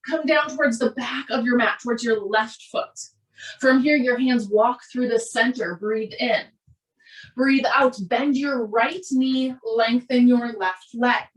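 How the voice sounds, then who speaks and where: A woman with a Minnesota accent, a yoga instructor giving calm, steady, breath-paced cues through a class. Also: fairly high pitch. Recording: roomy echo, voice from a distance.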